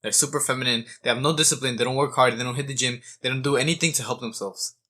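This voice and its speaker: A man's voice: medium pitch, steady tone, fast, pushed and bright. A man in his twenties giving a blunt, profane monologue, stumbling over restarts. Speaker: self-improvement vlogger.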